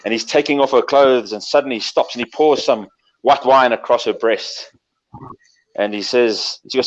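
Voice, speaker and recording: A man telling a long joke on a video call in a relaxed, chuckling way. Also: medium pitch, normal speed, muffled recording. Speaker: panelist.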